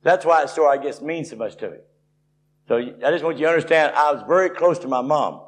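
A man's voice: on the high side, quick pace. Folksy preacher man. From Tennessee. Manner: folksy storytelling, rising with excitement. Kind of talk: sermon testimony.

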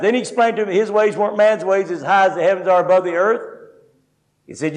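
A man's voice: high-pitched, a little fast, poor audio. An older man preaching a sermon, telling his own story in a folksy, humorous way. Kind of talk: sermon teaching with personal testimony.

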